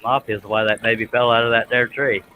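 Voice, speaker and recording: A man's voice: medium pitch, flat delivery, quick pace, phone-quality sound, a little hiss or hum. A man hosting a woodworking live stream, chatting casually and joking with his co-hosts. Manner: jokey, laughing easily, drawling "y'all". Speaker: scroll saw pattern designer hosting a live stream.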